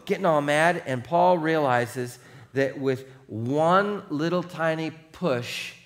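A man pastor preaching a sermon, telling the story in a lively, joking way and putting on quick voices for the crowd. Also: mid-range voice. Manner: animated, playful storytelling with mock voices for crowd.

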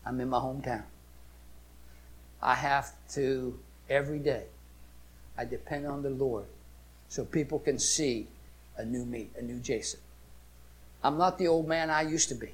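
A man preaching a sermon, swinging between loud emphatic exclamations and hushed storytelling. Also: medium pitch, steady tone, unhurried, pauses often.

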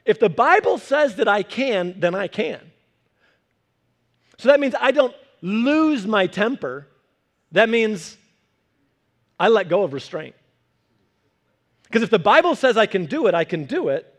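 A young man preaching a sermon in an animated, conversational way, acting out quotes as he goes. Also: high voice, measured pace, pauses often. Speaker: pastor.

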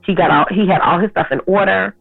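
A woman in her thirties, an interview guest telling a personal story in an animated way, acting out the people in it. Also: on the low side, quick pace, vocal fry, soft background music. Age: 30s. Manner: animated, acts out others' lines in her story. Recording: tinny phone-like sound.

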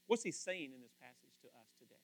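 A man preaching a sermon in a lively, playful way, acting out the people he quotes. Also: medium pitch, fast. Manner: animated, playful, acts out quotes in voices. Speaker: pastor.

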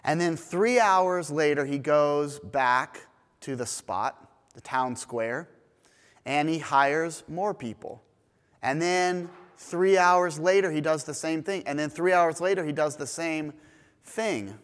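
A man preaching a sermon in a church, retelling a parable in a lively storytelling manner. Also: on the high side, slow pace. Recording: long reverb of a church hall.

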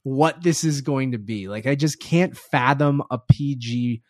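A man's voice: mid-range voice, measured pace, darkish tone, no echo, clean studio sound. A man co-hosting a podcast, laid-back and hesitant, often laughing as he chats. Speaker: podcast co-host. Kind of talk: casual chat.

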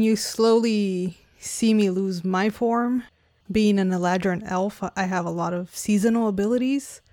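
Easygoing woman player, mid-pitched, dry close mic, thinks aloud. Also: darkish tone, dry recording. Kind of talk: casual tabletop game talk.

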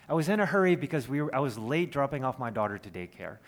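Earnest pastor preaching conversationally. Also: male voice, mid-range voice, sing-song, fast talker. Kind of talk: sermon.

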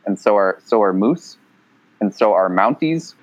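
A man chatting casually over a remote call, playful and quick to laugh. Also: on the low side, animated, dull audio. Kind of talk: casual chat. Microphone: remote call line.

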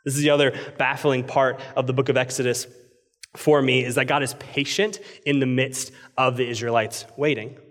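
Animated male pastor in a reverberant hall. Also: medium pitch, moderate pace. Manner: animated storytelling, swinging from loud excitement to quiet intensity. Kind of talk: sermon.

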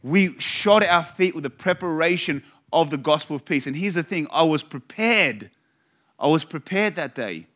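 A man giving a sermon as a pastor, telling a personal story in an earnest, conversational way and slowing down to stress key phrases. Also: a little high, a bit bright.

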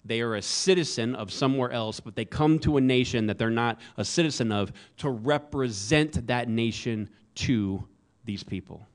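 A man's voice: mid-range voice, normal speed. A man preaching a sermon in a conversational way, with joking asides to the congregation. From American South. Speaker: pastor.

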